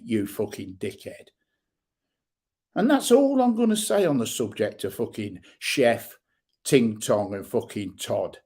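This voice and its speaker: A middle-aged man, hosting a livestream and ranting bluntly with heavy swearing and shouted bursts. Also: fairly low pitch, very animated, a little slow, breathy edge. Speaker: livestream host. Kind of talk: angry livestream rant.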